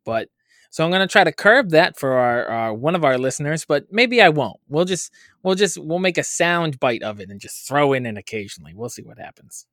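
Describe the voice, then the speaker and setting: A man's voice: on the high side, expressive, a little fast, a bit bright, dry recording, studio quality. A man co-hosting a casual podcast, telling a story with lots of laughter and animation. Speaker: podcast co-host. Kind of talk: casual chat.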